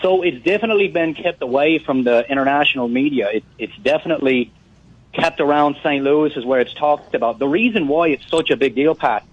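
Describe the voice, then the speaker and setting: A man doing a put-on Irish accent as a brash radio caller, a bit higher than his own voice, with a husky edge. The sound is dry and dull, like a lo-fi radio call. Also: a little fast, no echo.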